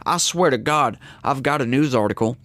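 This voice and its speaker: A man's voice: mid-range voice, moderate pace, fairly bright tone, dry recording. A man hosting a solo political commentary show, ranting in a heated, emphatic way.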